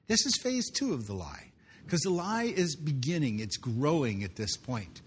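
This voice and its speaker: A man's voice: on the high side, sing-song, unhurried, breathy edge. A man preaching a sermon, reading scripture aloud and breaking in with jokey asides. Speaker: pastor.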